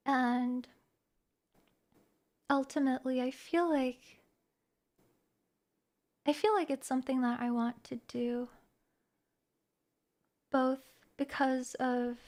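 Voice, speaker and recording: A woman streamer talks to her viewers in a soft, reflective way. Her voice sits high. She hesitates and restarts her phrases often. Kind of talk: personal talk to viewers.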